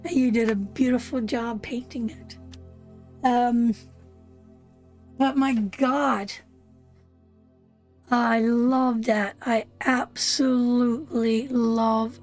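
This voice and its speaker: A woman's voice: fairly high pitch, steady tone, drawn-out words, pauses often, darkish tone, soft background music. A woman from Canada giving an emotional live tarot reading, talking straight to her viewers in a heartfelt way. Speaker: tarot reader hosting a live stream.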